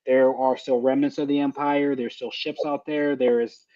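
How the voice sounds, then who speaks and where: A man's voice: mid-range voice, flat delivery, moderate pace, mellow, lo-fi sound. A man co-hosting a podcast, talking loosely and hesitantly with many fillers. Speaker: podcast co-host. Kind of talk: casual review chat.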